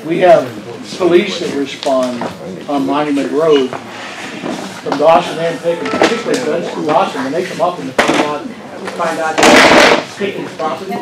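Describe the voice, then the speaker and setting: A man's voice: fairly high pitch, normal speed. A man resident speaking up at a public meeting, plain-spoken and explanatory. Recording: echoey room from far off, noisy.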